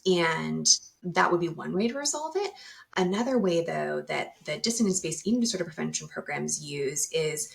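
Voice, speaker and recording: A woman's voice: low-pitched, expressive, normal speed, creaky. A woman psychologist, a guest on a podcast, explaining her work in a thoughtful, casual way with many fillers and restarts.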